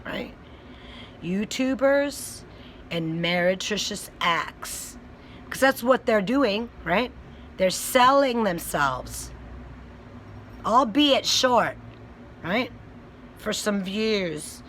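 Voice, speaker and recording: A woman's voice: mid-range voice, expressive, takes it slowly, fairly bright tone, slight background noise, low-quality recording. A woman vlogger and self-described child advocate giving a blunt, profane, angry rant straight to her viewers. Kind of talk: ranting video commentary.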